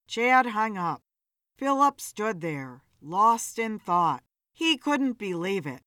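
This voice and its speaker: A woman narrating an audiobook story in a plain, steady manner. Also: mid-range voice, takes it slowly, no room sound, clean studio sound.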